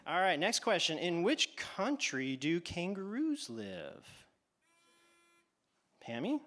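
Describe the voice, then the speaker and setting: A man hosting a playful animal quiz for children on a church stage, teasing and drawing out his questions. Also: high voice. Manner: animated, teasing, exaggerated pauses. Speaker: quiz host at a church kids' event.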